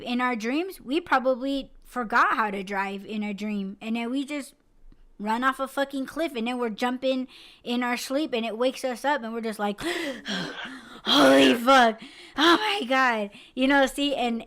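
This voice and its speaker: A woman's voice: on the high side, normal speed, fairly bright tone. A woman podcast host in casual chat, rambling with lots of fillers and swearing freely. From United States.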